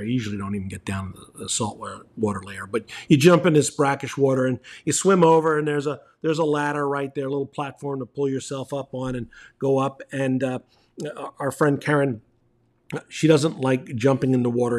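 A middle-aged man telling casual, rambling travel stories as host, with lots of fillers and restarts. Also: medium pitch.

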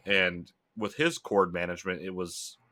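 A man's voice: sits low, steady tone, moderate pace, bright, forceful tone. A man co-hosting a casual chat, telling rambling, profane stories.

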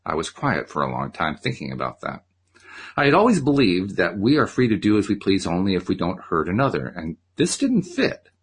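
Expressive man reading a novel aloud. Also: low voice, a little fast, breathy edge. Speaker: audiobook reader and podcast host.

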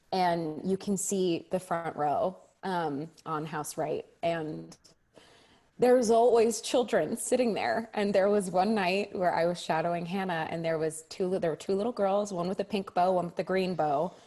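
A young woman with a slightly low voice chats as a guest in an interview. She tells stories with animation, acting out little gasps and reactions. Her talk is loose and conversational, full of restarts. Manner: animated storyteller, acts out kids' reactions. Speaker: stage actress, guest. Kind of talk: casual interview chat.

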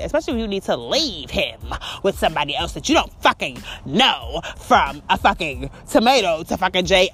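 Profane ranting woman, lively voice. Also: medium pitch. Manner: profane, exasperated storytelling with reenacted dialogue. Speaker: podcast host. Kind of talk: ranting monologue.

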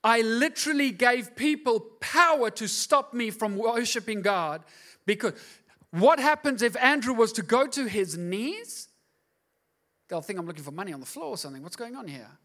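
Male pastor, middle-aged, high-pitched, impassioned preaching that swells to emphatic peaks. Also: lively intonation, moderate pace, bright, forceful tone. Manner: passionate, rising to emphatic outbursts. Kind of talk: sermon.

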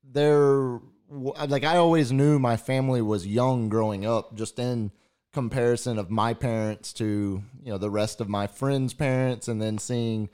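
A man's voice: medium pitch, fairly even intonation, unhurried, a little mellow, smooth. A man co-hosting a podcast, talking in casual chat with hesitant, filler-filled speech. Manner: hesitant, filler-heavy, reflective. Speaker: podcast co-host.

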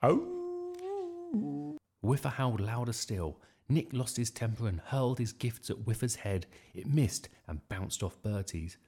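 A man reading a children's story aloud in a lively, expressive way. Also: fairly low pitch, moderate pace, hardly any pauses, slightly rough. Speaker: storybook reader.

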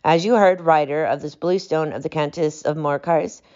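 A woman reading aloud, voicing a calm, stern male detective who speaks with cutting precision. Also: low voice, moderate pace, dull audio, natural voice. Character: cool, commanding male detective.

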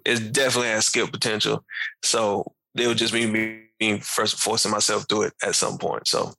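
A man in casual conversation reviewing an album, animated, laughing often and talking in loose slang. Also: lowish voice, moderate pace, creaky, no echo, poor audio. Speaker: podcast co-host. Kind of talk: casual music review chat.

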